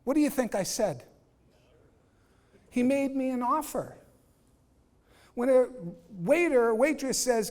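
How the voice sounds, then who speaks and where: A man giving an energetic, blunt real estate training talk, acting out dialogues and quizzing his audience. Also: very high voice, measured pace, pauses often. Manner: energetic, acts out dialogues, asks audience questions. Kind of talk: live training talk to agents.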